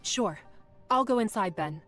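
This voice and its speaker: A woman voicing a calm, reserved young female hunter in a game who speaks quietly. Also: medium pitch, unhurried, soft background music.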